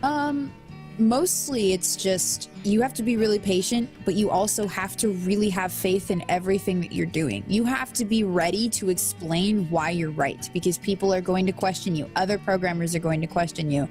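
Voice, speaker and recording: A woman co-hosting a casual podcast, telling work stories with lively acted-out quotes. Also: medium pitch, moderate pace, soft background music. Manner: animated storytelling with acted-out quotes. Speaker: podcast co-host, game programmer.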